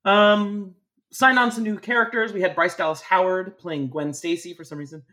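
A man's voice: high-pitched, moderate pace. A man on a movie podcast, casually walking through a film's production history. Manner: lively, explains production history. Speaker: podcast guest.

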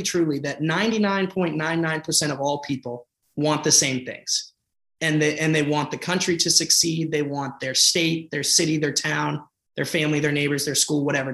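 Political candidate, male, from the Boston area; earnest, passionate delivery with restarts, slightly high voice, reverberant room. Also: a bit bright. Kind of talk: conversational interview.

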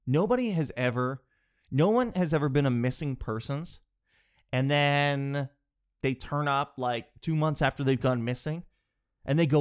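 A man with a cold, sniffling as he rambles through an animated, digressive comic monologue from his home office. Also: mid-range voice, unhurried, clean tone. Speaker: vlogger.

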